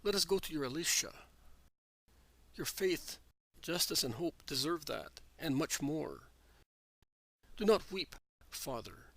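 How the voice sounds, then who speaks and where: A man's voice: a little high, expressive, takes it slowly, creaky, pauses often, a bit bright, no room sound, exaggerated voice, rough recording. Solemn, consoling male teacher figure in a spoken storybook, as a male reader puts him on. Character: gentle, authoritative male healer and teacher.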